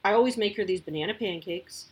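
Chatty breathy mom giving parenting advice. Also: female voice, medium pitch, fast talker, darkish tone. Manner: chatty, lots of likes and you-knows. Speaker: parenting podcast host. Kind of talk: casual advice talk.

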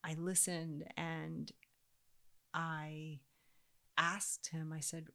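A woman in her thirties tells a personal story, her voice sitting a little low. She talks casually and with animation, acting out the people she quotes and laughing along the way. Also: flat delivery, extremely slow, creaky, pauses often, bright, forceful tone. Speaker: parent telling a personal story.

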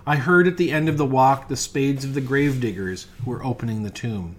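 A man giving a dramatic reading of a classic ghost story, measured and often dropping to a hush. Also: mid-range voice. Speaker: reader.

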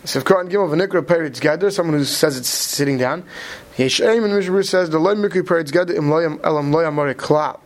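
Quick-talking man teaching a study class. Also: on the high side. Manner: quick, mixes Hebrew terms into English, many "right?" checks. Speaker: Torah teacher. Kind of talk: Talmudic study lecture.

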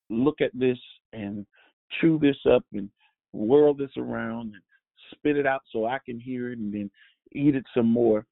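A man hosting a devotional show, preaching slowly with halting restarts and a repeated refrain. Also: mid-range voice, creaky, no room sound. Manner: halting, repetitive, with many restarts and fillers; drives points home with a repeated refrain. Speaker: host and preacher. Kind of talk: devotional sermon. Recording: tinny phone-like dry sound.

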